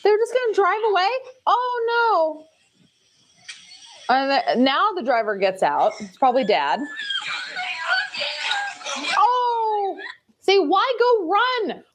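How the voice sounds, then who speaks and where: A woman in her thirties comments on viral clips with a very high, widely swinging voice. She talks slowly, breaking into laughs and loud exclamations. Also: sing-song, slight background noise. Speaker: host reacting to clips. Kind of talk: reaction commentary.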